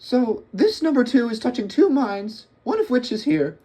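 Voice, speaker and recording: A squeaky, jittery cartoon teenager who stammers through every sentence, his voice leaping way up high. Anxious and eager, he talks in quick bursts with a lively, wobbling tone. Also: breathy edge, exaggerated voice. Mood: excited. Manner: stammering, high-pitched and excitable. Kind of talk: comedic cartoon impression.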